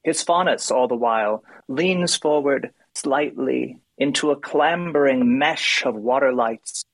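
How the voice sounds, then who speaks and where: A nasal-voiced man co-hosting a poetry discussion talks casually about poems with hesitant, thoughtful fillers, then reads one aloud. He speaks at a measured pace in a mid-range voice, and the recording is rough.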